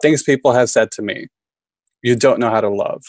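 A man's voice: mid-range voice, normal speed, no echo, rough recording. A man reading his own list poem aloud at a student reading, understated and dry. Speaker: MFA student reader.

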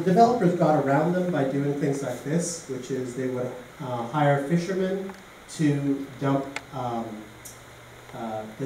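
A man's voice: fairly high pitch, warm tone. Man lecturing in an echoey room. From Canada. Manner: informal, anecdotal storytelling. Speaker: guest lecturer. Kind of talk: public lecture. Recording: echoey room from a distance, faint noise.

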